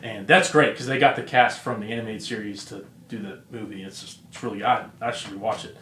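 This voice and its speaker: A man's voice: fairly low pitch, steady tone, brisk, bright, forceful tone, a little hiss or hum. A man hosting a podcast, rambling through a story in casual chat with lots of fillers. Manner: rambling retelling with many fillers. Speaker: podcast host. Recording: roomy echo.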